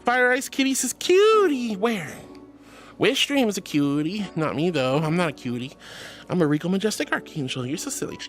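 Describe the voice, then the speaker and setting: A woman's voice: fairly low pitch, very animated, moderate pace, soft background music. A woman streamer chatting casually with viewers, playful and dramatic, calling them honey and sweetie. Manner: playful and dramatic, often laughing. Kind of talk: casual livestream chat.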